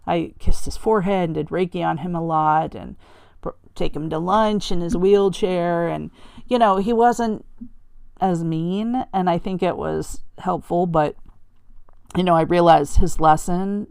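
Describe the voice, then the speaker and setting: A middle-aged podcast host, candid and gravelly, delivers a personal reflective monologue in a fairly low, fairly even, slightly mellow voice with no echo. She talks conversationally, halting and restarting, and quotes her father in a raised, sweet voice.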